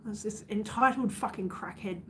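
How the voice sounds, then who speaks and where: A woman's voice: medium pitch, moderate pace, fairly bright tone, slight background noise. An Australian woman chatting casually on her livestream, venting bluntly to her viewers and swearing freely.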